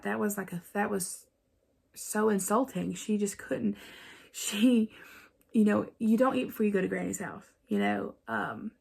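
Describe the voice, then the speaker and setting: Appalachian woman vlogger, mid-pitched and heavily creaky, loose chatty storytelling. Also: a little mellow. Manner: rambling, chatty, many fillers. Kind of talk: casual storytelling to camera.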